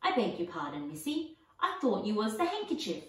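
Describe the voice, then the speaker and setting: A woman's voice: medium pitch, huge pitch swings, brisk. A woman voicing a huge, polite, clumsy male giant with broad common speech, puffing as he talks. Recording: echoey, distant mic.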